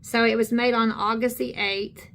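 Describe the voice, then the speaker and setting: A woman, co-hosting a channel, talking indignantly and haltingly in casual commentary on videos. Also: fairly high pitch, level tone, creaky, fairly bright tone, slight background noise. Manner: indignant, halting with many fillers. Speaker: channel co-host. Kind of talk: casual commentary on screen content.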